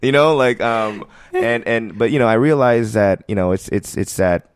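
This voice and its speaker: An American man in his thirties, a comedian guest on a casual podcast, telling animated, rambling stories and laughing often. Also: on the low side, moderate pace, clear, resonant tone, no room sound.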